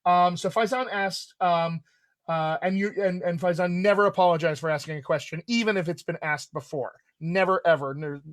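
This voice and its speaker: Host: enthusiastic American man, dialect coach, a touch high-pitched, dry close mic. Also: fairly even intonation, moderate pace, no room sound. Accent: General American. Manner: enthusiastic, talks in restarts. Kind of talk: live Q&A chat.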